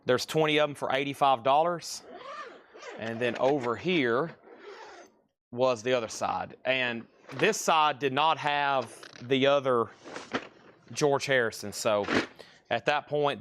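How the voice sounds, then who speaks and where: A man's voice: medium pitch, a little slow, a bit bright, a little hiss or hum. A man hosting a live record and cassette sale, chatting casually as he names items and prices. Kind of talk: casual live-stream selling.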